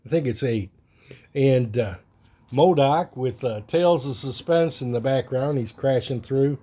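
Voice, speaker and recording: A man's voice: medium pitch, a little slow, mellow. A man casually chatting on his comics vlog, rambling as he shows off his drawings and a package of comics. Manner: rambling, chuckling, reads cartoon captions in silly voices. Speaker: comic collector vlogger. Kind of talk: casual chat showing artwork and comics.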